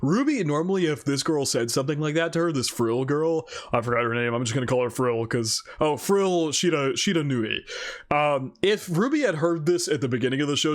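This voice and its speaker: A man hosting an anime reaction video, chatting casually in an excitable, rambling way and laughing often. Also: medium pitch.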